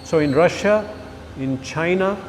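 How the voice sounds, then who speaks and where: Animated man lecturing in a hall. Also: fairly high pitch, a little slow, a little hiss or hum. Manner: animated, rhetorical questions, jokes with listeners. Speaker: spiritual teacher. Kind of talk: scripture class lecture.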